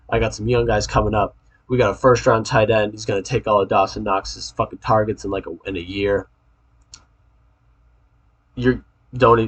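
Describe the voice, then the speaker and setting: A man's voice: on the low side, breathy edge, rough recording. A young man giving casual, profane, trash-talking fantasy football rankings to his league mates, rambling with restarts.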